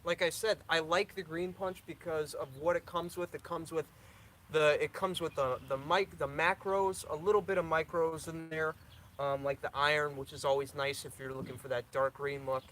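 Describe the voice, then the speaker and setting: A man's voice: on the high side, steady tone, normal speed, bright, forceful tone, a little hiss or hum. A young man hosting a casual live stream, answering viewer questions in a loose, rambling way with lots of restarts.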